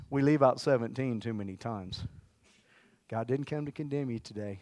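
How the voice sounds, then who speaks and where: A man preaching a lively sermon, shouting out exclamations and leading the congregation in call-and-response. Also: medium pitch, normal speed, no room sound.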